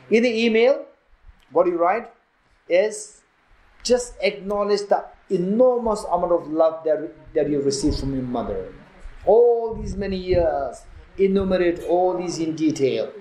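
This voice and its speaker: A man's voice: sits high, a little mellow. A man giving a Buddhist teaching at a retreat, telling a story with quoted dialogue and repeating phrases for emphasis. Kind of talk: dharma talk at a retreat. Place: retreat hall. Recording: roomy hall echo.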